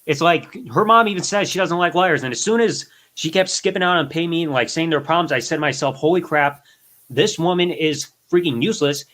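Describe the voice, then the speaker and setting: A man's voice: on the high side, fast, few pauses, sharp tone. A man calling into a live show, venting in a heated, rambling way. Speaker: caller.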